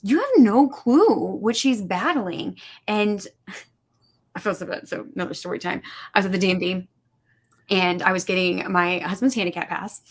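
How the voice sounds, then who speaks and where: A woman's voice: mid-range voice, normal speed. A woman guest on a podcast telling stories in casual conversation, acting out quoted dialogue with lots of "like" fillers. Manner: animated, acts out quoted dialogue, many "like" fillers. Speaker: podcast guest, suicide prevention instructor.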